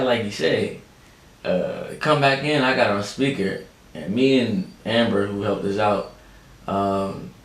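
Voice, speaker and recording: Low-voiced man telling a story. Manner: animated, chatty, addresses listeners as y'all. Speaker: podcast host. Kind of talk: casual storytelling chat. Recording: echoey room, faint background noise.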